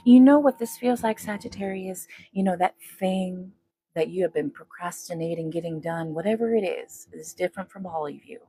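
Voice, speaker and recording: A tarot reader with a lowish, mellow voice edged with breath speaks at a moderate pace. She gives her viewers a casual reading, chatting with them and with spirit and humming while she shuffles.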